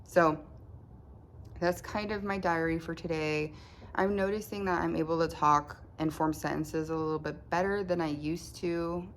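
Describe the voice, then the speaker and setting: A middle-aged woman speaking at home in a casual diary-style vlog, halting and restarting as she talks. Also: low-pitched, slight background noise. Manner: halting, with restarts and trailing phrases. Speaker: vlogger keeping a recovery diary.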